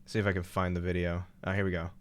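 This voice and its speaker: Rambling, low-voiced young streamer guy. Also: level tone, fast talker, a little hiss or hum. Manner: rambling, lots of fillers and laughs. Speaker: game streamer. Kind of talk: casual chat while playing.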